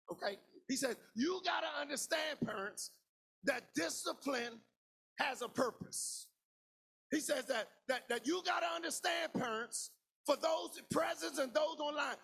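High gravelly preaching man. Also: unhurried, soft background music. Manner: preaching with shouted, sing-song cadence and repetition. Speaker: pastor. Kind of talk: sermon.

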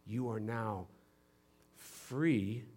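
A male pastor preaching a sermon, swinging from loud emphatic bursts down to hushed low passages, with playful teacherly asides. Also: extremely slow.

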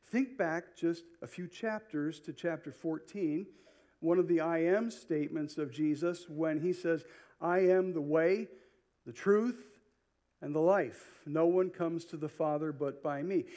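A man's voice: a little high, darkish tone. A male pastor preaching an expository sermon, paraphrasing the people in the passage as he goes. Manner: unhurried expository preaching, paraphrasing Bible characters.

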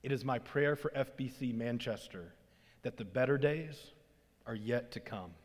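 A man's voice: medium pitch, normal speed, long reverb tail. A man from Arkansas, preaching a sermon as a pastor in a church, with earnest emphasis that rises on key lines. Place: church sanctuary.

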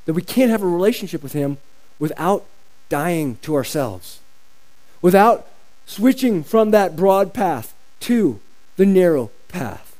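A pastor preaching a sermon in an emphatic style, repeating phrases for stress. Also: male voice, high voice, very animated, unhurried, darkish tone, low-quality recording.

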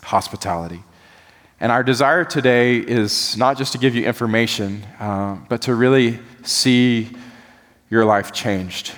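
Man, pastor, sermon, mid pitch, folksy and animated, long church reverb. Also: a little slow. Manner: animated, folksy preaching, drops soft for emphasis. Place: church sanctuary.

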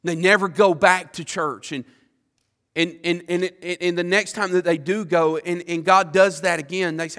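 Male preacher, high gravelly voice, fervent sermon delivery with stammered repeats and sudden loud peaks. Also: fairly even intonation, moderate pace. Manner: impassioned, repeats words, swings from quiet to loud.

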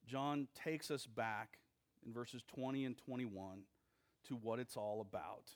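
A male pastor preaching a sermon, with slow, deliberate phrasing and emphatic pauses between short phrases. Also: mid-range voice, steady tone.

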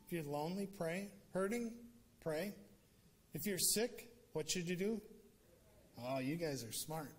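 A man preaching a sermon in a lively storytelling manner, his slightly high voice climbing at the emphatic peaks. A faint hiss of background noise sits under the recording. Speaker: pastor.

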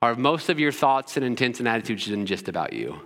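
A man pastor delivers a sermon in a bright, forceful voice that carries a lingering reverb through the church. He leans on rhetorical questions and returns to the same short phrase again and again for emphasis. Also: mid-range voice, big pitch swings, a little fast.

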